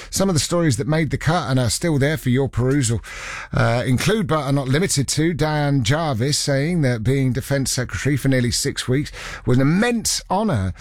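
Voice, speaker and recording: A man's voice: a little high, no room sound. A man presenting a chatty radio news roundup, slipping in jokey asides. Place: radio studio.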